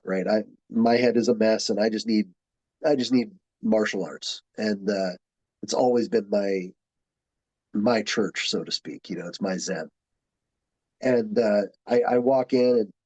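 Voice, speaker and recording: A man, a jiu-jitsu instructor, talks through his stories in a relaxed podcast conversation. His voice is mellow and warm, recorded close and dry. He slips into the voices of people he quotes as he goes. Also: lowish voice, no room sound, poor audio. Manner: animated storyteller, acts out quotes. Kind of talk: casual storytelling chat.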